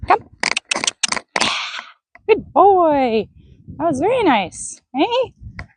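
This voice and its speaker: A woman horse trainer talking through a training session, praising and coaxing the horse in a soft, encouraging voice. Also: extremely high pitch, sing-song, slow pace, no echo, rough recording. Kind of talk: live commentary while training a horse.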